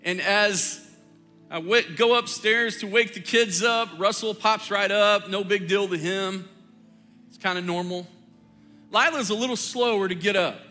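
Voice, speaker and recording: A middle-aged man preaching a sermon as pastor, telling family stories in a relaxed, joking, conversational way. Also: sits high, unhurried, faint music behind. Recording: long hall reverb.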